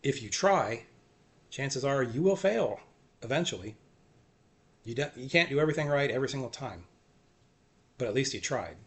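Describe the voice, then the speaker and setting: A man giving an earnest, self-encouraging faith talk, repeating short phrases and often trailing off softly. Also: mid-range voice, animated, moderate pace, long pauses. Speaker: faith vlogger. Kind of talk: personal faith talk to camera.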